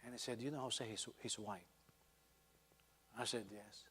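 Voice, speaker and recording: A man's voice: mid-range voice, fairly even intonation, measured pace, fairly bright tone, big-room sound, slight background noise. A man with a Filipino accent, a pastor telling a personal story in a sermon and rising into emphatic exhortation. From Philippines.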